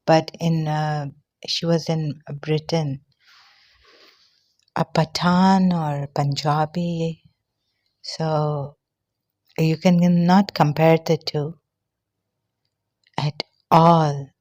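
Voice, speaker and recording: A woman giving an earnest personal monologue, short of breath, halting and often trailing off softly. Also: low voice, fairly even intonation. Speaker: vlogger.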